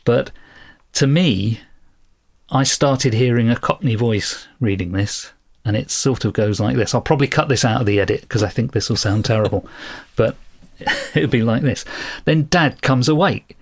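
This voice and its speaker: A man's voice: medium pitch, moderate pace, vocal fry. A man co-hosting a casual book podcast. He talks thoughtfully and at length, often poking fun at himself. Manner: thoughtful, self-deprecating, explains at length. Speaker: podcast co-host.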